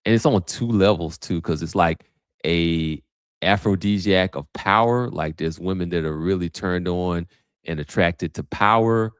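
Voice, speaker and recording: A man's voice: low-pitched, a little slow, clean tone, no echo, studio quality. A man hosting a livestream, talking casually and thinking aloud with many restarts. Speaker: host. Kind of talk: livestream commentary.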